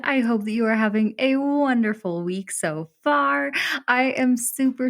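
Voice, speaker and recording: A woman hosting a podcast, introducing the episode in a bubbly, chatty way with many casual fillers. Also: mid-range voice. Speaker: podcast host.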